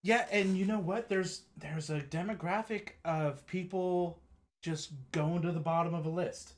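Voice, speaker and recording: A man co-hosts a relaxed live-stream conversation from home. He tells his anecdotes in an animated, joking way. His voice sits a little higher than most men's. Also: unhurried. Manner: animated storyteller, jokey, laughs often. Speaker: co-host. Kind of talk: casual live-stream chat. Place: home, joined remotely.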